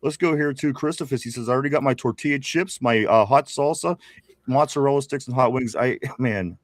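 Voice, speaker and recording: A man's voice: medium pitch, a little fast, no echo, clean studio sound. Man reading viewer comments live. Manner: laughs often, reads viewer comments aloud. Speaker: co-host. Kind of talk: casual live sports chat.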